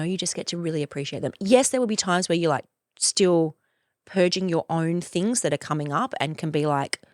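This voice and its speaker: A woman in her forties hosting a podcast, talking in a loose, effusive monologue, swearing freely and leaping up in pitch for playful emphasis. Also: darkish tone, no room sound, clean studio sound. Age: 40s. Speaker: podcast host. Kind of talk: casual monologue.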